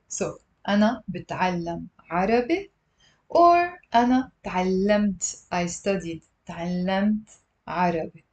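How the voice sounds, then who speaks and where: A woman giving a live-streamed language lesson to a webcam, explaining step by step, drilling pronunciation and answering viewer questions. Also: mid-range voice. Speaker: online Arabic teacher.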